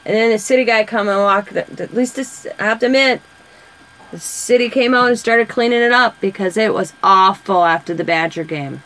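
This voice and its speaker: A woman's voice: medium pitch, a little fast, a bit bright, rough recording. A woman, telling rambling stories in casual chat while coloring for her craft vlog. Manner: rambling, chatty storyteller. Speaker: craft vlogger.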